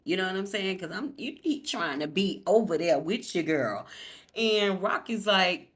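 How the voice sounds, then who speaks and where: A woman's voice: medium pitch, animated, normal speed, fairly bright tone. A woman giving a casual TV episode recap, chatty and gossipy, swearing freely and talking straight to her viewers. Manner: chatty, gossipy and profane, addressing viewers directly. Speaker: TV recap vlogger.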